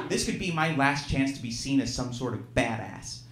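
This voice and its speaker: A man's voice: medium pitch, very animated, a little slow, gravelly, a bit bright. A man from Alabama telling a true story at a live storytelling show, self-deprecating and laughing through his lines. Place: live venue stage, audience present. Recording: roomy live venue sound.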